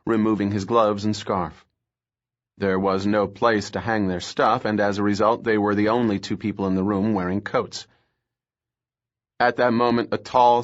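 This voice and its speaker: A man narrating a thriller audiobook in a steady, measured reading voice. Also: fairly low pitch, highs cut off.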